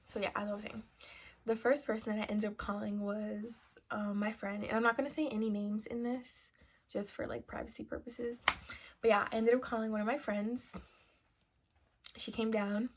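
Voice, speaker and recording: Seated before a camera mic, a young adult woman vlogger tells a personal story in casual sit-down style, peppering it with "like" and "you know" and sometimes sinking to a hushed half-whisper. Her mid-range voice keeps a level tone at normal speed, with long pauses.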